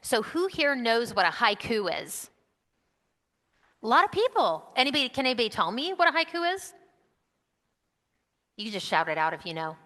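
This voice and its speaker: Bright, encouraging woman in a reverberant sanctuary. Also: on the high side, big pitch swings, moderate pace, long pauses. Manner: encouraging, coaxing, asking children many questions. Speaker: leader of a children's message. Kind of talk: interactive children's message during a church service. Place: church sanctuary.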